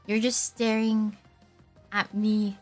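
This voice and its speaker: A woman's voice: medium pitch, little pitch movement, takes it slowly, soft background music. A young woman chatting casually on a livestream, rambling, teasing herself and laughing often. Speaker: VTuber streamer.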